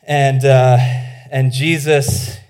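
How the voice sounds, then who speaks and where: A man preaching a sermon at a middle pitch, in a loose and conversational way. He restarts his sentences and fills them with "like". He tells the stories with energy and acts out the voices of the people in them. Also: drawn-out words, smooth. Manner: animated retelling, acting out the voices in the stories; informal, with many "like"s and restarts. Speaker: pastor.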